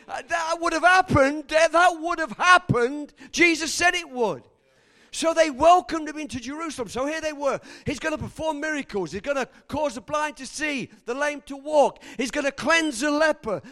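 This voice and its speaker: A man preaching a sermon, dramatic, swinging between shouts and hushed lines and acting out the people he quotes. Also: extremely high pitch. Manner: acts out quoted voices.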